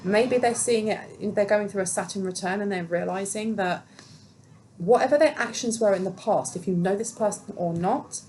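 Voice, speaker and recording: A woman's voice: mid-range voice, moderate pace, darkish tone, a little hiss or hum, low-quality recording. A woman giving a solo tarot reading, musing aloud and questioning the cards as she goes. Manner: musing, talks to herself and the cards. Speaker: tarot reader.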